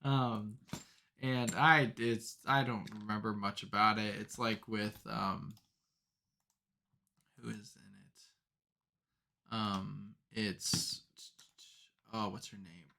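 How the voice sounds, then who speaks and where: A young man with a bright, forward voice chats casually as a podcast co-host. He rambles through his stories, piling on fillers, and grows animated when a story gets going. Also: on the low side, slow pace, vocal fry, long pauses, slight background noise. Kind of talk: casual chat.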